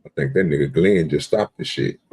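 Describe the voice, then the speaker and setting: A man's voice: rumbling low, a little fast, darkish tone, breathy edge. A man hosting a live stream, chatting in a laid-back, rambling, slangy way. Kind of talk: casual live stream chat.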